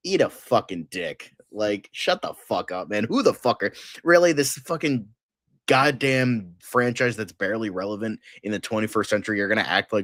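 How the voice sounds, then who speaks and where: A man's voice: lowish voice, animated, moderate pace, fairly bright tone, dry recording, studio quality. A man co-hosting a live-stream chat show, ranting with heavy profanity. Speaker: co-host.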